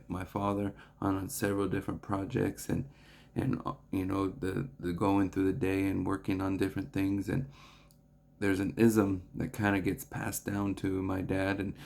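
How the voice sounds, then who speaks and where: A young man reading scripture and reflecting on it in an earnest devotional talk, halting with restarts and fillers. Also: deep voice, vocal fry, a little mellow. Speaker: preacher.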